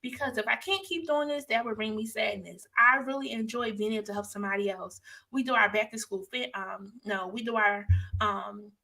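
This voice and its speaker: A woman hosts a motivational live stream in an encouraging, preacherly way. Her voice is bright and fairly high, and it rises in emphatic bursts. She talks straight to her listeners. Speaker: host.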